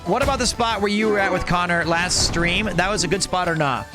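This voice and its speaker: A man's voice: high-pitched, brisk, music in the background. A man streaming a game and chatting casually, rambling and joking in a playful way. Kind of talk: casual live-stream chat.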